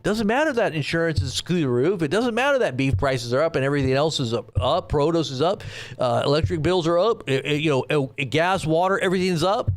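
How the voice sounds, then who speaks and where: Man, live stream commentator, sarcastic, rambling, animated pitch. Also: moderate pace. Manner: sarcastic, rambling, with frequent restarts.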